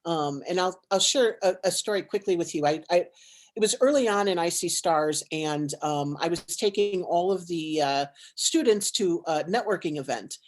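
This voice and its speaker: A woman, co-founder and CEO of a nonprofit, telling a personal story on a panel in a lively, dramatic way full of likes and restarts. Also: fairly low pitch, moderate pace.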